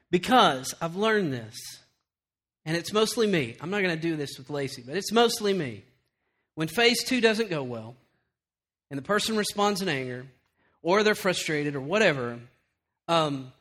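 A middle-aged man preaching with a high, bright, forceful voice. He tells lively stories and acts out the lines of others, then sinks into quiet, earnest emphasis. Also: unhurried, pauses often. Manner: animated storytelling, acts out quotes, then drops to quiet earnest tones. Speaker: pastor. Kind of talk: sermon.

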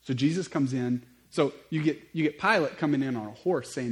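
Animated male pastor preaching. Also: mid-range voice, fairly quick, low-quality recording. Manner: animated storytelling, conversational asides. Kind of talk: sermon.

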